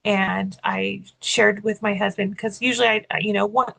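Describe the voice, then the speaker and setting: A woman's voice: mid-range voice, fairly even intonation, moderate pace, creaky, a bit bright, poor audio. A woman co-hosting a podcast, telling a story in casual chat, full of fillers and restarts. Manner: chatty, many "like" fillers and restarts. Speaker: podcast co-host and keynote speaker.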